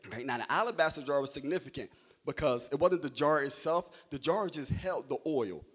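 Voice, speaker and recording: Husky young man preaching with jokes. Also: on the high side, a little fast. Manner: conversational, jokey preaching with frequent "right?" checks. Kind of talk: sermon.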